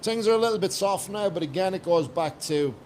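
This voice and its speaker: An Irish man, guesting as a coach on a podcast, talks bluntly and emphatically in casual chat, swearing freely. His voice sits high with a darkish tone and a brisk pace, and there's a little hiss or hum.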